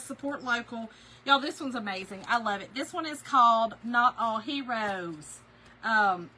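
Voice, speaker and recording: A woman's voice: fairly high pitch, bright, forceful tone, slight background noise, poor audio. A middle-aged woman hosts a casual craft live stream, chatting and gushing while reading viewer comments.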